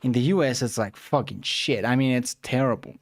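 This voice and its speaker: A man's voice: mid-range voice, brisk, dry recording. A man whose first language is Spanish, chatting casually on a reaction stream and talking loosely to his viewers with lots of fillers.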